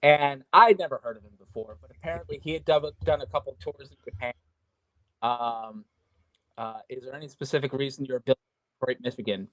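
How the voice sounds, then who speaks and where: A man's voice: mid-range voice, fairly quick, a bit bright, no echo, poor audio. A man telling a wrestling road story in casual chat, swearing often and restarting his sentences. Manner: profane, rambling storyteller with many restarts. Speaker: guest wrestler. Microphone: remote call mic with audio trouble.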